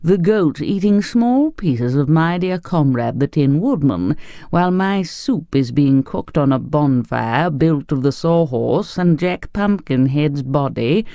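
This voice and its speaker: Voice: medium pitch, mellow, no room sound. Narrator voicing pompous insect professor, male, self-important, storybook reading, dry sound.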